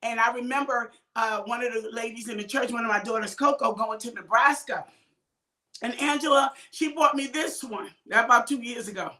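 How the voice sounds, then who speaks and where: High bright exhorting woman preacher. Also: normal speed. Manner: exhorting, calls out viewers by name, often shouts. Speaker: minister hosting a midday livestream. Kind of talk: informal preaching to online viewers.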